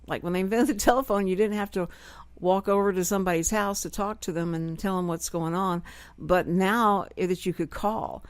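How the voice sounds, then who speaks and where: A woman's voice: mid-range voice, a little fast, no room sound. A middle-aged woman hosting a radio talk show, chatting freely and expressively with no filter. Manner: expressive, no-filter talker who acts out quoted voices. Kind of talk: casual radio chat. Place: radio studio.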